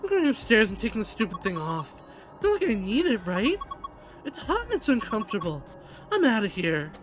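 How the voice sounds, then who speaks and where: A man's voice: sits high, wildly swooping pitch, brisk, music in the background. A man reading the lines of an irritable young woman in a video game, sulky and dismissive.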